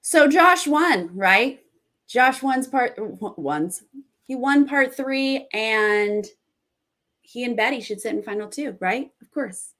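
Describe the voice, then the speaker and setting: A young woman hosting a casual reality TV recap, reacting with excitement and reading viewer comments aloud. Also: a little high, takes it slowly.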